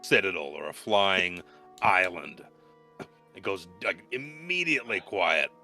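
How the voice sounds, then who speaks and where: A male game master narrates a tabletop game in a lively, expressive way. His voice is low but bright and forceful, and it swings widely in pitch. Faint music plays underneath. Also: a little slow. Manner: animated, expressive storytelling.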